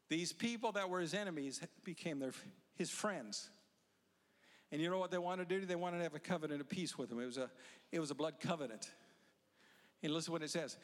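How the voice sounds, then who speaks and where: A middle-aged male pastor preaching a sermon, emphatic and building to loud exhortation. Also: on the high side. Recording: long church hall reverb.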